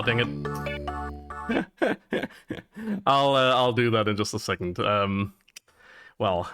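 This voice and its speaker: A man streaming and commenting on a retro adventure game live, chatty and excitable, laughing and cursing now and then. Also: mid-range voice. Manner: excitable, chatty, laughs often, curses when surprised.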